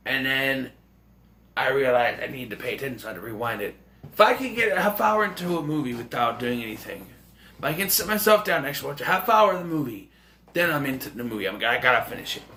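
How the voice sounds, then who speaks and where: A man rambling excitably and jokingly through a casual movie review. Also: mid-range voice, fast.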